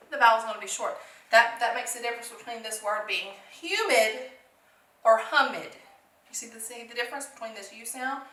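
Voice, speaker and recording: A woman's voice: fairly high pitch, bright, forceful tone, echoey room, far from the mic. A woman teaching a phonics lesson to young children, encouraging them, asking questions and answering them herself.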